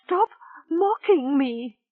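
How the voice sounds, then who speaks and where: A woman's voice: high voice, animated, slow pace, dry recording, phone-quality sound, voice pushed up. A woman voicing a distraught young woman who pleads shrilly through tears. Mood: shrieking.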